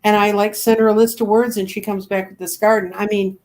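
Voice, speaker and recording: An older woman in her seventies chats as a guest on an online show. She tells stories at an even middle pitch and slips into the voices of the people in them. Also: fairly quick. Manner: chatty, animated storyteller acting out quoted voices. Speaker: guest, crystal reader. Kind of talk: casual storytelling chat.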